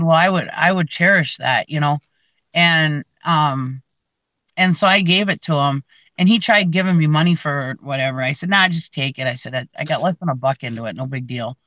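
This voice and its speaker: Bright-voiced woman telling a rambling story. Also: low voice, no room sound, rough recording. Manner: rambling, many fillers and restarts. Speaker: reseller channel host. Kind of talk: casual storytelling chat.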